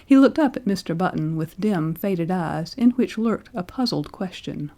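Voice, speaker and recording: A woman narrating a classic story as an audiobook, in a measured, expressive reading. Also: lowish voice. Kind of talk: scripted literary narration.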